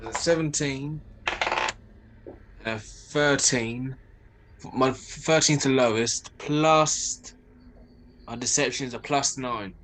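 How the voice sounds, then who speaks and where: A man's voice: medium pitch, slow, long pauses, a bit bright, slight background noise. A man playing a tabletop game in casual chat, hesitant and thinking aloud as he works things out. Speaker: player.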